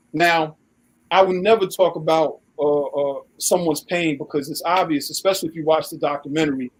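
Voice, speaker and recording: A man's voice: fairly high pitch, low-quality recording. A man co-hosting a live online talk show in casual chat, telling long stories and acting out what others said in a raised voice. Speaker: co-host.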